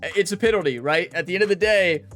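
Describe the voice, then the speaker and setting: A chatty man hosting a gaming channel, talking casually and rambling while wrapping up a series. His voice sits a bit higher than most men's, he laughs often, and he swings between excited and subdued, with soft music in the background. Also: fast. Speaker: gaming YouTuber host.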